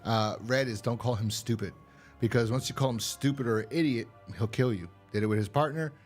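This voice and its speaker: Fairly quick and mid-range, his voice runs through a loose, profane recap of a horror podcast episode, padded with fillers. Faint music sits in the background.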